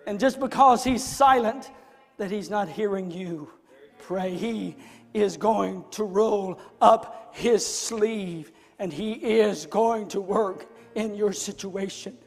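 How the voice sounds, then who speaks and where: A high-pitched male preacher delivering a sermon with dramatic swings in volume. He drops to near-whispers, then builds to fervent shouts. His voice carries a long reverb, as if he is recorded in a large hall. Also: slow, creaky, faint music behind.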